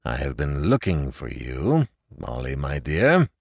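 A man voicing a big, stern and suspicious father in a storybook reading, speaking heavily and gruffly. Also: extremely low pitch, very animated, takes it slowly, dry recording, studio quality, pitched below the performer's own voice, heavily acted. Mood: heavy. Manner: heavy, gruff.

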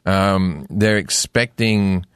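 A man's voice: deep voice, a bit bright, smooth, no room sound, clean studio sound. A middle-aged Australian man, a comedian, chatting casually on a podcast, rambling with lots of restarts and casual swearing. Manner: rambling, swears freely, stumbles and restarts, does quick accent impressions. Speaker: comedian guest.

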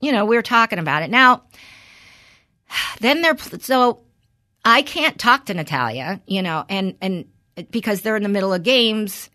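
Woman, lowish voice, middle-aged, podcast host, casual chat, blunt and swears, frustrated storytelling. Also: fairly bright tone. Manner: candid, swears freely, frustrated venting.

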